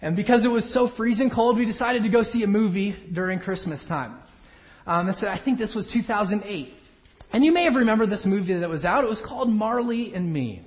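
A man's voice: high voice, animated, fairly quick. A man in his thirties preaching a sermon, telling a story with self-deprecating humor. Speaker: pastor. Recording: dull audio with long hall reverb.

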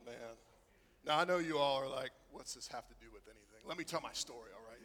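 A man preaching a sermon, telling a story that swings from hushed to excited. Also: mid-range voice, fast, big-room sound. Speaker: pastor.

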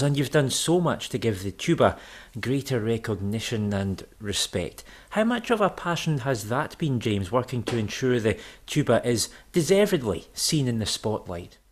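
A man's voice: mid-range voice, expressive, normal speed. A man interviewing a guest, asking long and carefully worded questions.

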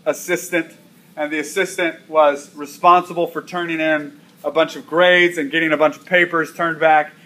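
A man's voice: on the high side, bright, forceful tone. A man preaching a sermon, telling a story and repeating key lines for emphasis. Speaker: pastor.

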